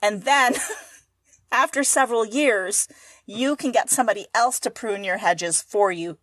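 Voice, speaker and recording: A woman's voice: on the high side, fairly bright tone, no echo, clean studio sound. A woman co-hosting a casual comedy podcast who teases her partner, laughs often and gives mock-serious explanations. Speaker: podcast co-host.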